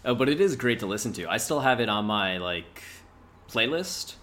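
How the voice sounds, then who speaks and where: A man's voice: medium pitch, sing-song, moderate pace, fairly bright tone. A man co-hosting a podcast in casual chat, laid-back and freely profane. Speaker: podcast co-host.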